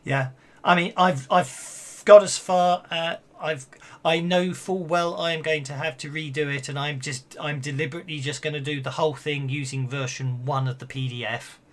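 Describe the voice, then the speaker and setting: A man wrapping up a tabletop game session as game master, talking in halting bursts full of fillers and restarts. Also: on the high side, steady tone, a bit bright.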